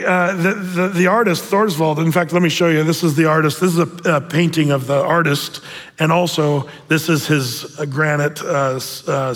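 A man preaches in a fairly high voice, telling the story with playful, animated asides. His words carry a long reverb, as in a large church hall. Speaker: pastor. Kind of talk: sermon.

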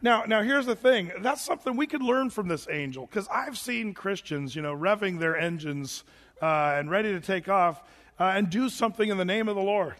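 A man's voice: sits high, lively intonation, moderate pace, fairly bright tone, long reverb tail. A man preaching a sermon to his congregation in a church sanctuary, talking casually with many restarts and fillers. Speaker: pastor.

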